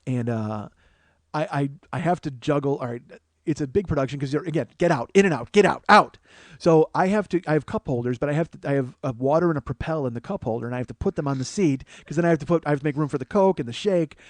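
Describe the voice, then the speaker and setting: A man hosting a podcast, telling a comic story full of swearing, growing louder and more animated as it goes. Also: on the high side, quick pace, no room sound. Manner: profane, animated, rising to shouting as the story builds. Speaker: podcast host.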